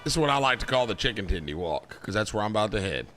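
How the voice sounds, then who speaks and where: Male streamer with a crisp bright tone, animated and joking, talking straight to chat. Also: on the low side, very fast, slight background noise. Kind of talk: casual live-stream chat.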